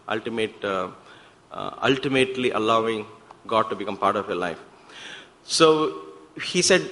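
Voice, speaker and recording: Man telling stories in a hall. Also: mid-range voice. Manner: animated, acts out quoted voices, restarts often. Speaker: speaker at a spiritual center. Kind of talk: storytelling spiritual talk. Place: devotional center hall. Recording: long hall reverb.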